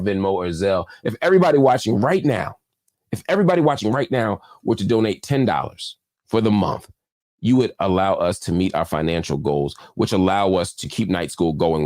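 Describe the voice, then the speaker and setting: A man's voice: fairly low pitch, darkish tone, no echo. A man hosting his own show, giving an impassioned, emphatic commentary monologue that repeats phrases for effect. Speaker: show host. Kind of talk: live-stream commentary monologue.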